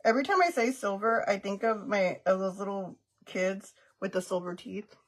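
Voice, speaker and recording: A middle-aged woman speaks at normal speed in a mid-range voice during casual makeup livestream chat. Giggling, she greets viewers by name and weaves Spanish phrases into her English.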